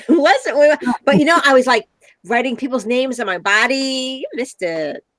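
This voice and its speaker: A woman's voice: a little high, normal speed, a bit bright, no echo. A woman chatting as a guest on a casual live stream, giggly and bubbly.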